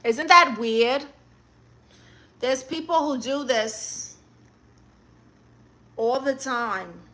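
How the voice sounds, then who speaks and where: A woman's voice: high voice, very slow, fairly bright tone. A woman with a Brooklyn accent streaming live, reading viewer comments aloud and answering them with blunt, sassy comebacks. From Brooklyn, New York.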